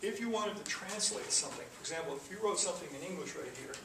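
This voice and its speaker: A man's voice: high voice, expressive, very fast. A man teaching a programming class, explaining step by step with many fillers and restarts. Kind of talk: classroom lecture. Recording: echoey room from far off, noisy.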